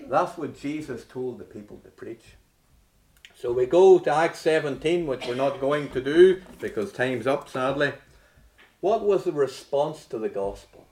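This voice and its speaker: Man preaching loudly in an echoey room. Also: medium pitch, expressive, a little slow, distant mic. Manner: dramatic, swings from loud rhetorical questions to hushed near-whispers. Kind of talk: sermon.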